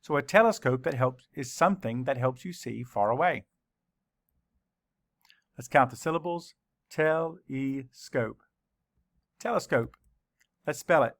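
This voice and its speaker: A man's voice: medium pitch, expressive, no echo, clean studio sound. A man teaching a spelling lesson to children, sounding out words and spelling them letter by letter. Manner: slow, deliberate letter-by-letter spelling.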